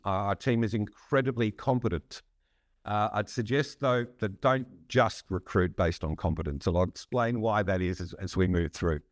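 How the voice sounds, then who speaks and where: Podcast guest: man, lowish voice, measured explainer, dry close sound. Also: no echo. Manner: measured, frequent "um" and restarts, occasional laugh. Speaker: psychologist and consultant, podcast guest. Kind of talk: conversational expert explanation.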